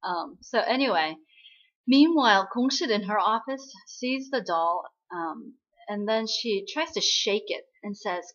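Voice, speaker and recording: A woman's voice: medium pitch, lively intonation, unhurried, a bit bright, muffled recording. A woman casually recapping a drama episode in a chatty way, often tagging on questions as she retells scenes.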